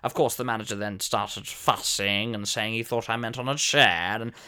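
A man's voice: on the low side, fairly even intonation, normal speed, pushed and bright, clear, resonant tone. A man voicing a pompous elderly former soap actor, telling a fussy, theatrical comic story. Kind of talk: comic character monologue.

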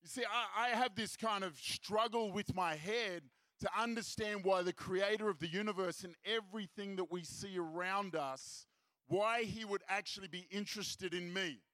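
An Australian man with a high, bright, forceful voice leads a lively faith seminar from a festival stage. He is jokey and rousing, drawing the crowd into call-and-response and repeating his key lines for effect. The sound is dry and close, with hardly any room echo. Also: moderate pace. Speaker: seminar speaker. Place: festival stage before an audience.

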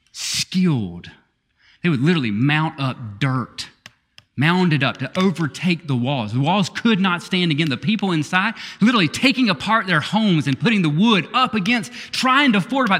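A man preaching a sermon, reading scripture with laughter and quiet asides. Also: on the high side, lively intonation, moderate pace, long reverb tail. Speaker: pastor.

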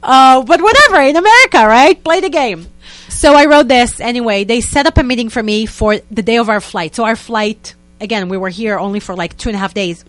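A young woman, a guest telling a story in a lively, casual way and acting out what people said. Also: a little high, fairly quick, no echo, faint music behind. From Israel. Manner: animated, acts out quotes in other voices, many "like" fillers.

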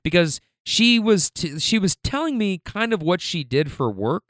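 A young man casually telling stories in an animated, slangy way, laughing often. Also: high voice, moderate pace, no room sound, clean studio sound. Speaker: rideshare driver telling stories. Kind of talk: casual storytelling monologue.

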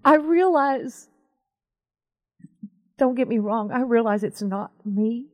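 Animated woman telling a faith story. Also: fairly high pitch, takes it slowly. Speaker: Christian talk show co-host. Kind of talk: conversational faith talk.

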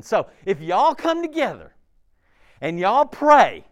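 A man preaching a sermon, his fairly high voice swinging widely up and down. He talks to the congregation in a casual, animated way, laughing and throwing in asides. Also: slow pace. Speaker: pastor.

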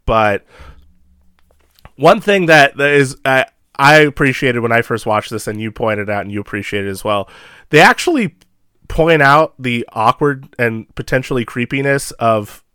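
Man, casual film chat, excitable, laughing, rambling, dry sound. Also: medium pitch, measured pace, clear, resonant tone, no room sound. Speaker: podcast co-host.

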